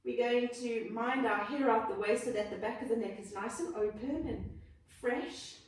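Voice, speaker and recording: A South African woman leading a yoga class, giving calm, encouraging cues and gentle options. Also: on the high side, normal speed. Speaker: yoga instructor. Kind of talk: guided yoga class instruction. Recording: very echoey room, from a distance.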